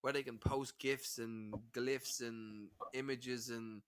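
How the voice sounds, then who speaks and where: A man's voice: medium pitch, steady tone, slow, fairly bright tone, smooth. A man talking in a casual livestream chat as a panel guest, combative, sweary and mocking.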